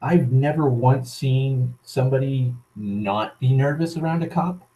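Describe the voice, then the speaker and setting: Unhurried and warm, with a mid-range voice, a young Massachusetts man vlogs a casual rant to his camera, full of swearing, sardonic asides, and rambling false starts, captured on a low-quality recording.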